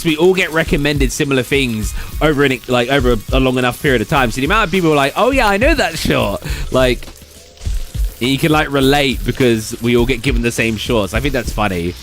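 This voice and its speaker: A man's voice: mid-range voice, fairly bright tone. A young British man chatting casually with viewers on a late-night stream, rambling with lots of fillers and restarts and reading chat aloud.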